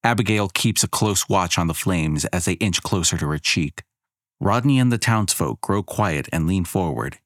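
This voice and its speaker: A man with a very low voice narrates a fantasy story in a wry, measured way. The sound is dry and close to the mic. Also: lively intonation, a bit bright, no echo.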